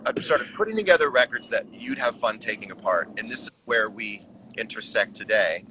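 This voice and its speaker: Bright-voiced musing man on a video call. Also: on the low side, animated, a little fast, slight background noise. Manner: musing, acts out his own inner remarks. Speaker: musician guest. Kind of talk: casual conversation on a live stream.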